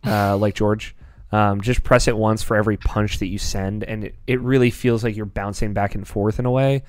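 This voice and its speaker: A man's voice: on the low side, steady tone, moderate pace. A young man hosting a casual podcast from his basement, rambling and chuckling as he talks about a video game. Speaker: podcast host. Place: home basement.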